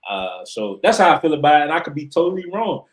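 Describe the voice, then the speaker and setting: A man's voice: fairly high pitch, very animated, quick pace, poor audio. A man co-hosting a sports podcast, talking in a casual, emphatic and profane way as he argues his opinion. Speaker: podcast co-host.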